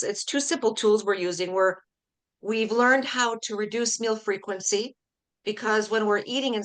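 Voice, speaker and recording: An upbeat woman hosts a live podcast, talking in a lively, casual way. She leans on fillers like "you know" and sounds eager and friendly to her guests. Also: mid-range voice. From Canada. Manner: upbeat, enthusiastic, chatty with fillers. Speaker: host.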